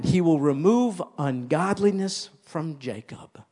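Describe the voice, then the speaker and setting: A man's voice: mid-range voice, animated, a little slow, a little mellow, breathy edge. A man preaching a sermon as pastor, emphatic and repeating key phrases for stress.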